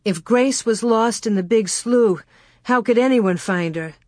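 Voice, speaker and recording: Slow, measured woman narrating a story. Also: a little high, no room sound, clean studio sound. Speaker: audiobook narrator. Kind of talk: scripted narration.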